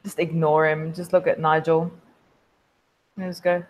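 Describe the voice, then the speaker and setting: Tabletop player, dry and relaxed, mid-range voice. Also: mid-range voice, measured pace, rough recording. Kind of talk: casual tabletop play.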